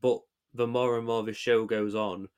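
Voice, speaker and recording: Chatty man, halting restarts. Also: lowish voice, level tone, a little mellow, clean tone. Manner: hesitant, many restarts, rambling analysis. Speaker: podcast co-host. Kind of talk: casual chat.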